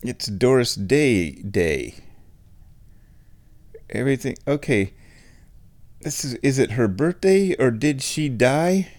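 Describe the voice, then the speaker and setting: A man hosting a show on his own, thinking aloud in an excitable, self-mocking ramble. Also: medium pitch, slow, pauses often. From United States. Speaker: podcast host. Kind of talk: rambling solo chat.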